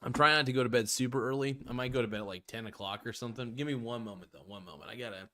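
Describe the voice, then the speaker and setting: A man's voice: medium pitch, rapid-fire, few pauses, pushed and bright. A man hosting a casual reaction video, talking in a laid-back, slangy way with plenty of swearing while he snacks on crackers.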